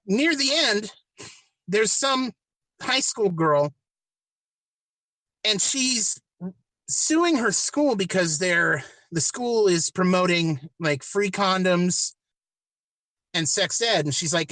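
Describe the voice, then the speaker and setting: A man's voice: high-pitched, lively intonation, takes it slowly, long pauses, pushed and bright, dry recording. A man hosting a podcast, retelling a movie plot in a casual, rambling, profane way with many restarts. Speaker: podcast host.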